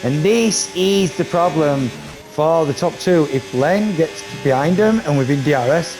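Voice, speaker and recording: A man giving casual, excitable live commentary on a sim racing league, chatty and swearing casually, with game noise behind him. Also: a little high, unhurried. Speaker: race commentator.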